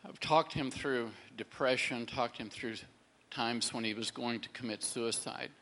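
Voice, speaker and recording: A middle-aged man shares a faith testimony casually and ramblingly, often repeating words and acting out the people he quotes. His voice is medium-pitched, a little slow, and sharp in tone.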